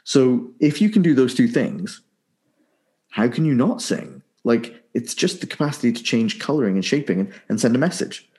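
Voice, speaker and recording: A man coaching singing in a relaxed, conversational way. He throws out rhetorical questions and hums little warm-up phrases. His pitch swings freely up and down. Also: moderate pace. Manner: animated, rhetorical questions, sings vocal warm-up syllables. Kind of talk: casual conversational explanation.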